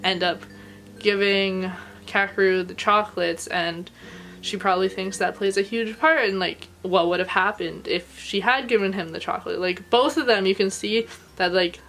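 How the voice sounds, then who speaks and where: A woman talks through her review in a loose, gushing way, with "like" dropped into nearly every phrase. Her voice sits in an ordinary middle register but climbs higher when she gets emotional. The delivery is casual and unscripted, like talking to friends. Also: moderate pace, a bit bright, slight background noise. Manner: chatty and gushing, heavy use of "like". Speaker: anime reviewer.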